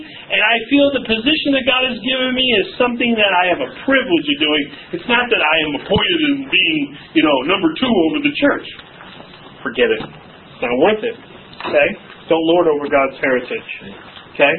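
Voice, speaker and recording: A male associate pastor teaching a Bible class, animated and joking, putting questions to the class. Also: sits high, normal speed. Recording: tinny phone-like sound with faint hiss.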